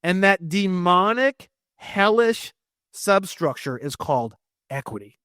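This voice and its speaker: A man as an interview guest, ranting heatedly with lots of swearing and fast bursts. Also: high-pitched, big pitch swings, a bit bright, clear, resonant tone, no echo, studio quality. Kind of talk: casual interview talk.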